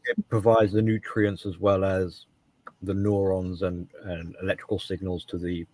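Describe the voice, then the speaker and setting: A man's voice: deep voice, level tone, moderate pace, a little mellow. A man co-hosting a casual podcast discussion, talking emphatically and often restarting and repeating his words. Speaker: co-host.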